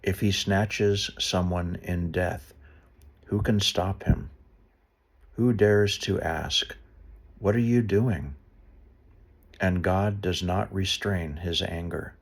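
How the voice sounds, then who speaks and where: A man reading a Bible passage aloud slowly and deliberately, stopping now and then to explain the footnotes. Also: deep voice, creaky, breathy edge. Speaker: Bible reader. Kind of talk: unscripted Bible reading with asides.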